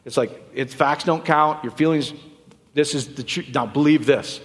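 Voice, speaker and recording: Casual, joking male pastor, higher-pitched voice, hall reverb. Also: fairly bright tone. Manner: joking, conversational preaching with quick asides. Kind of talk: sermon. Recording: long reverb of a church hall.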